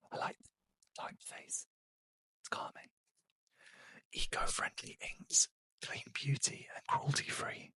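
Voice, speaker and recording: A British woman doing a whispered ASMR unboxing as a beauty vlogger, hushed and slow with wry asides. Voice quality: soft unvoiced whisper.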